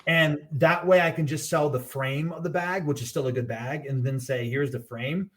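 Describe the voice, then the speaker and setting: A man's voice: a little high, moderate pace, a bit bright. Rambling man explaining his gear business. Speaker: gear brand owner, podcast guest. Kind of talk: casual podcast chat.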